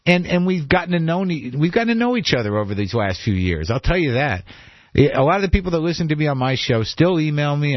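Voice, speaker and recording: A man's voice: fairly high pitch, no echo. A man hosting a call-in radio talk show, rambling and self-deprecating in a conversational way. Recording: dull lo-fi radio broadcast.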